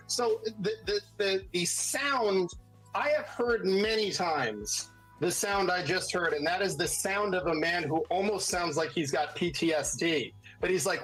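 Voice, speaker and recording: Husky-voiced trial lawyer explaining calmly. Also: medium pitch, faint music behind, poor audio. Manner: measured, explanatory, acts out quotes. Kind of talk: analytical podcast commentary.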